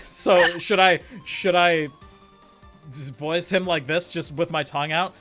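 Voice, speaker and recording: A man's voice: on the high side, fairly even intonation, unhurried, a bit bright, soft background music. A man streaming a game and voicing its characters, chatting casually with crude, self-mocking jokes. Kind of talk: casual let's-play chat.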